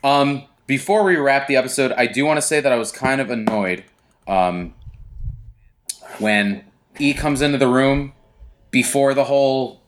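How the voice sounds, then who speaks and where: A man's voice: mid-range voice, unhurried, long pauses. Man nitpicking on a podcast. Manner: wry, nitpicking, joking. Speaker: podcast co-host. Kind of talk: casual chat.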